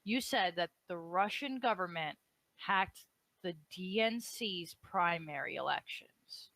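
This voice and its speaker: A woman's voice: on the low side, lively intonation, takes it slowly, fairly bright tone. A woman moderating an online argument, bossy and exasperated, swearing and cutting in to demand straight answers. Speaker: co-host of an online debate stream. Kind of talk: heated casual argument.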